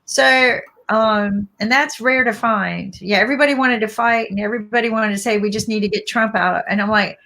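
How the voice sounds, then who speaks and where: This Southern-accented woman, her voice a little high and creaky, gets animated as she voices her opinions in an easygoing political chat. She often starts her sentences over.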